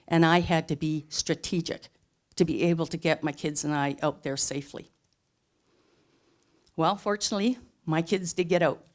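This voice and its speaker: A middle-aged woman telling a personal story live on a theatre stage, earnest and emphatic. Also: low voice. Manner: earnest, emphatic, plain-spoken.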